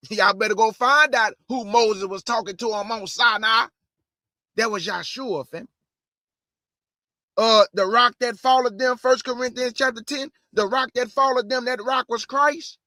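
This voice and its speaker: A man preaching from the Bible, mixing scripture reading with slangy asides and shouted bursts. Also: very high-pitched, measured pace, no echo, clean studio sound. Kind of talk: energetic street-style Bible preaching.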